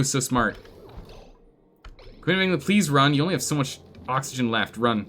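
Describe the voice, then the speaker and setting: A man giving live commentary on a colony game, animated and exclaiming, pleading with his characters. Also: mid-range voice, moderate pace, pauses often. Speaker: streamer playing a colony game.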